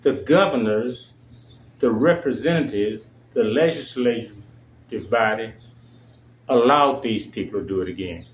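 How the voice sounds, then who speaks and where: A man's voice: mid-range voice, a little slow. Indignant male host in an echoey room. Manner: indignant, emphatic. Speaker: show host. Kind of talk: angry monologue.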